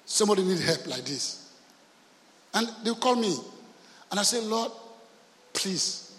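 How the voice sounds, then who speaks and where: A man preaching a sermon as pastor, telling stories and acting out the voices in them, swinging from soft, hushed lines to loud shouts. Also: high-pitched, lively intonation, unhurried. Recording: long hall reverb.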